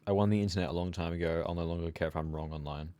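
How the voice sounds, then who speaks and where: A man's voice: deep voice, fairly even intonation, rapid-fire, dark tone. A sleepy young man streaming a game, chatting casually and rambling as he trails off into mumbles. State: sleepy, yawning. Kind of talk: casual gameplay chat.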